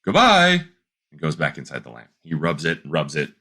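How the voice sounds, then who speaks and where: A man co-hosting a casual podcast, telling a long joke and slipping into quick voices for its characters. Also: a bass voice, slightly rough. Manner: animated storyteller doing quick character voices. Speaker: podcast co-host.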